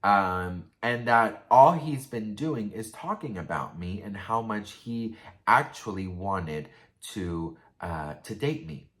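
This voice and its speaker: A man's voice: fairly low pitch, animated, slow pace, fairly bright tone. A young man telling a personal story in a casual, profane, gossipy way, full of fillers and asides to his viewers. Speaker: storytime vlogger.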